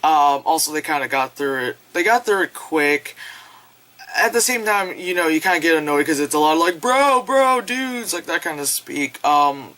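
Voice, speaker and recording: A woman's voice: sits low, fairly bright tone, poor audio. Young woman, casual reviewer; rambly, lots of "um" and "like", swears, breaks into character voices. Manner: rambling, filler-heavy, swears, acts out characters in quotes. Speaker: film reviewer. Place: home, late at night.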